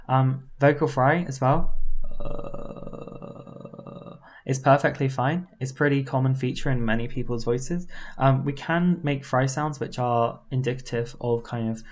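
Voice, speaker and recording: Woman voice coach, super low voice, loose chatty lesson, lots of um and right?. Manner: relaxed and informal, with frequent fillers and tag questions; slips into demonstration voices. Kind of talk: casual voice-training lesson.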